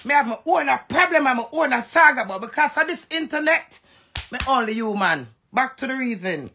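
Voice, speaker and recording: A Jamaican woman talks into her phone in a heated, profane rant that jumps quickly from point to point. Her voice sits high and gravelly, with a sharp, bright edge. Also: animated, slight background noise. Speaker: live-stream host. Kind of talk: ranting live stream.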